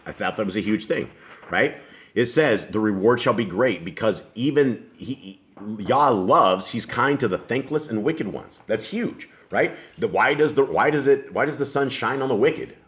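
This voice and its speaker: A man's voice: medium pitch, animated, a bit bright. A man hosting a casual scripture discussion, reading verses aloud in an easygoing way. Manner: easygoing, reads verses slowly, chuckles. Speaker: host of a scripture study discussion.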